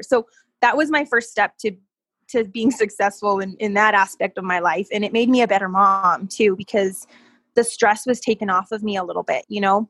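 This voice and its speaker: A woman guest telling a personal story in casual conversation, animated and quick to laugh, often repeating words as she gets going. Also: mid-range voice, slightly rough, no room sound. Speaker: podcast guest.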